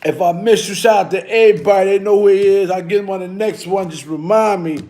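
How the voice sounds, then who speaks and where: A middle-aged man hosting a casual livestream, telling loose, slangy stories and giving long runs of shout-outs. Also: high voice, quick pace. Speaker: livestream host.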